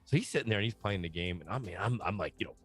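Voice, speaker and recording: A man chatting casually about video games, animated and slangy, telling stories with lots of asides. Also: on the low side, rapid-fire, husky, faint music behind. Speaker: podcast guest. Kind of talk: casual gaming chat.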